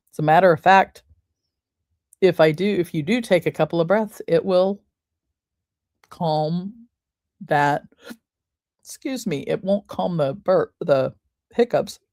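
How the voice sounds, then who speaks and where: A woman with a low voice walks listeners through a breathing exercise, counting each breath aloud. She speaks unhurriedly and soothingly, like a wellness coach. The recording is dry and close, with no room sound. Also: a little slow, long pauses, darkish tone, no echo. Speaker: podcast host. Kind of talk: guided breathing and wellness talk.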